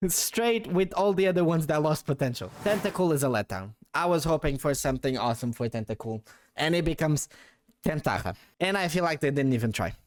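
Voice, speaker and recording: A young man with a fairly high voice talks through a ranking video in a loose, playful way. He giggles, breaks into squeals of laughter and swears offhandedly, and he keeps the tone light and teasing. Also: lively intonation, normal speed. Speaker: YouTuber ranking names. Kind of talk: casual commentary.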